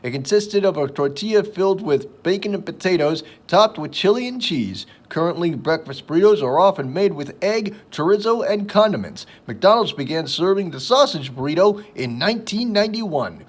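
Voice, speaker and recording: Man, podcast host, reading aloud, animated pitch, slightly raised voice. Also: moderate pace, few pauses. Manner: reads aloud, then wanders into playful asides. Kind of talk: reading and riffing on daily holidays.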